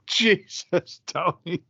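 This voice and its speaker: A man's voice: sits high, expressive, extremely slow, creaky, sharp tone, slightly rough, dry recording, muffled recording. A man co-hosting a podcast, chatting casually in a laid-back, profane, bantering way. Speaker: podcast co-host. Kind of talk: casual comedic chat.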